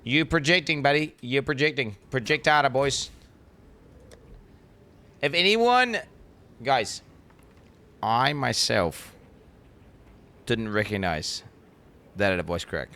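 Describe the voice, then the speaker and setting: Brief: young male game streamer, bright edgy tone, excitable ranting chat with viewers, curses freely. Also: medium pitch, takes it slowly, long pauses. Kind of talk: casual live-stream chat.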